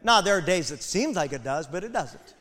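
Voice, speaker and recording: A man preaching a sermon with passion, building to loud emphatic peaks and turning aside to his congregation. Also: high-pitched, expressive, brisk. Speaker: pastor. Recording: long hall reverb.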